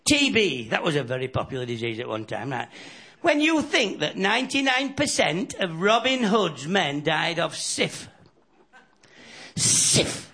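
A man's voice: fairly high pitch, very animated, measured pace, bright, forceful tone, slight background noise. A man with a Yorkshire accent doing a chatty stand-up comedy routine, telling jokes in a self-deprecating way to a live club audience. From Yorkshire, England. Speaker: stand-up comic.

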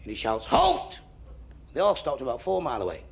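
A man doing stand-up, firing off quick one-liner jokes. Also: mid-range voice, sing-song, gravelly. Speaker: stand-up comedian. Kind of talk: stand-up joke telling. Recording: live club with faint crowd.

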